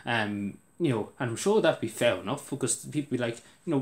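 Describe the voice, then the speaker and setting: A man's voice: mid-range voice, lively intonation, brisk, few pauses. Indignant Irish man ranting. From Ireland. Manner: indignant, repetitive, emphatic. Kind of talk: political rant to camera.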